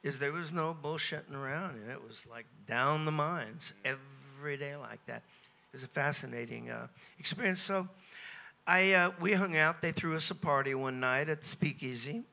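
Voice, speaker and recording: An American man in his seventies, a guest at a Q&A on a cruise ship, telling anecdotes in a lively, self-mocking way and chuckling between phrases. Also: on the high side, moderate pace, creaky. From United States. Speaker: interview guest. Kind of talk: anecdotal Q&A storytelling.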